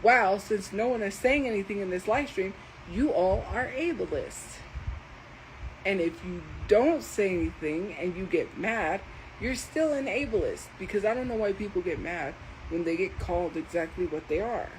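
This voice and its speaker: A woman livestreamer talking slowly and deliberately as she defends herself against commenters in her chat. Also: medium pitch, expressive, a little hiss or hum, low-quality recording. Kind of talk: live stream talking to chat.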